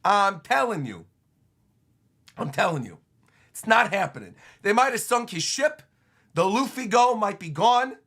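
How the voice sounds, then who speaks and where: Excitable, high-pitched reaction streamer man. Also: measured pace, long pauses. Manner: excitable, emphatic, repeats himself.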